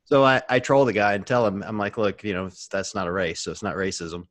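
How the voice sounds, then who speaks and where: A man co-hosting a casual podcast who tells stories in a joking, teasing way. His voice sits a bit low. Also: quick pace. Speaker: podcast co-host. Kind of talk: casual chat.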